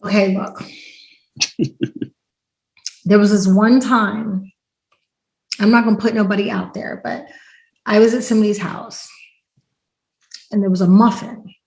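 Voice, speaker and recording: A woman hosting a podcast in casual chat, telling stories in an animated way and acting out quotes loudly. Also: medium pitch, a little slow, gravelly, long pauses. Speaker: podcast host. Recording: roomy echo.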